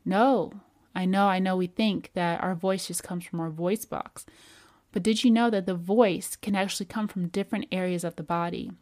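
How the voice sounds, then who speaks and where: A woman podcast host giving steady, coaching advice in a calm, measured way. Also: lowish voice. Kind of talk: advice talk on voice and attraction.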